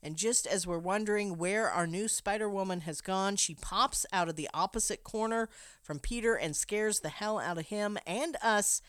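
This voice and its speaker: A woman's voice: medium pitch, normal speed, fairly bright tone, clean tone, no echo, clean studio sound. A woman co-hosting a podcast, retelling a film scene by scene in a casual, wry and dramatic way. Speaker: podcast co-host recapping a film. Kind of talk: casual recap narration.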